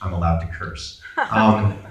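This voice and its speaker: A man's voice: low voice, a little slow, muffled recording, crowd noise. A man from Brooklyn, telling stories as a guest at a convention Q&A and acting out dialogue in voices. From Brooklyn, New York. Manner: animated, acts out dialogue in voices. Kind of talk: convention Q&A storytelling. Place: large convention hall. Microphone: camera in the audience, far from the speaker. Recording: very echoey hall, from far off.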